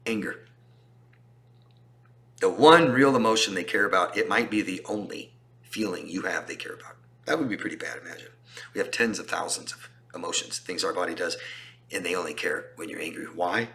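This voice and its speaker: A man's voice: deep voice, brisk, bright, forceful tone, slight background noise. A man talking as a relationship coach in a casual explanatory style, emphatic and repeating points for stress. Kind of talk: casual explanatory talk to camera.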